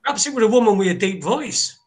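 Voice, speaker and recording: A man's voice: sits high, lively intonation, fast talker. A man hosting a casual interview, joking and laughing along with his guest. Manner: jokey, laughs often. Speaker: host.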